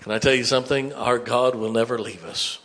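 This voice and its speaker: A man preaching a sermon, dropping to hushed tones and rising to loud emphatic bursts. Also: medium pitch, fairly even intonation, a little fast. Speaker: pastor.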